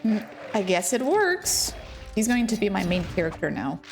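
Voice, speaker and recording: A woman's voice: mid-range voice, sing-song, moderate pace, music in the background. A woman chatting casually while streaming a game from home, talking to her chat and pets. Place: home room.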